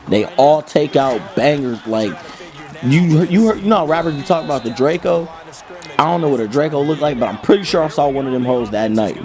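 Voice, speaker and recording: Slangy young man telling a funny story. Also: mid-range voice. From Kentucky. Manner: slangy, jokey, animated storytelling. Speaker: gaming channel host. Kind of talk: comic story time over gameplay.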